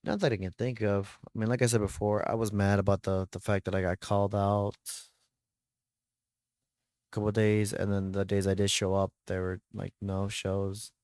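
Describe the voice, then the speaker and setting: A man's voice: fairly low pitch, level tone, moderate pace, a little mellow, no echo, studio quality. A man co-hosting a podcast who talks in a laid-back, agreeable way with hesitant restarts. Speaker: podcast co-host. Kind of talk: casual podcast chat.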